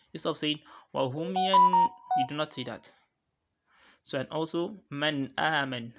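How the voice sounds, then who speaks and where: A man teaching Quran recitation rules, pausing and restarting often and slowly drawing out each recited example. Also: medium pitch, a bit bright, lo-fi sound. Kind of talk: explaining tajweed rules to students.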